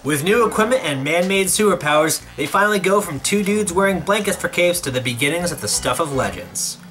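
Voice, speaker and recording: Animated sarcastic young man reviewing. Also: a little high, brisk, over loud music. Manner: sarcastic, exaggerated outbursts. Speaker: video reviewer. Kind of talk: scripted comedic review narration.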